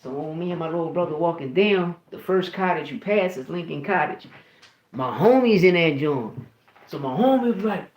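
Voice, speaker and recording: A man's voice: a little high, animated, moderate pace, roomy sound, poor audio. A man, telling stories in a casual, profane, rambling way full of restarts and "you know what I mean". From Philadelphia, USA. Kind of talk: casual storytelling.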